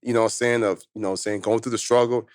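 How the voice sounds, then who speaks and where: Brief: man, 30s, motivational speaker, rapid animated storytelling, dry close sound. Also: lowish voice, dry recording. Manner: fast, animated street-slang storytelling. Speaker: motivational speaker, podcast guest. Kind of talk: storytelling in casual conversation.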